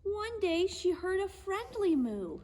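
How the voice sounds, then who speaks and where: A woman gently and patiently teaching children a lesson on horses and reading them a storybook aloud. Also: very high-pitched, big pitch swings, takes it slowly, big-room sound. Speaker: children's horse program instructor.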